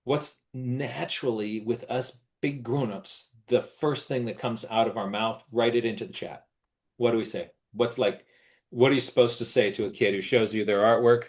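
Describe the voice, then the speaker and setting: A middle-aged man teaching an online workshop in an animated, conversational way. He often leaps into a high, gushing voice to mimic how adults praise a child's drawing, then drops back to his normal talk. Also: moderate pace. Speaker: workshop presenter.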